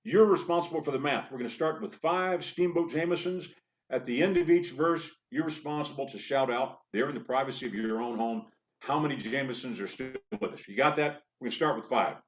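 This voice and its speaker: A man's voice: mid-range voice, a little fast. A man from the Pacific Northwest of the United States, a folk singer telling joking stories between songs on a live stream. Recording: dull lo-fi stream with guitar. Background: acoustic guitar.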